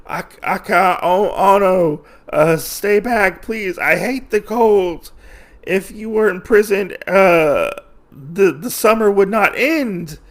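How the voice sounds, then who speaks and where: A man's voice: fairly low pitch, animated, a little slow, creaky, a bit bright, heavily acted. A man doing a menacing wolf monster. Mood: pleading. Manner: loosely paraphrased, casual.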